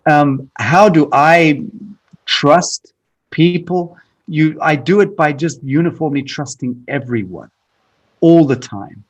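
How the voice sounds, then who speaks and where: This man speaks slowly in a voice on the high side. Appearing as a podcast guest in a candid, conversational interview, he answers bluntly and emphatically, sometimes with profanity, and he often restarts phrases and repeats words.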